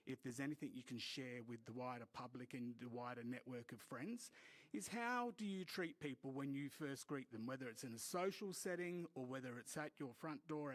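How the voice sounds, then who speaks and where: A man's voice: medium pitch, a bit bright. Australian man, community speaker, informal meeting talk, earnest and joking, filler-heavy. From Port Augusta, South Australia. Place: community hall.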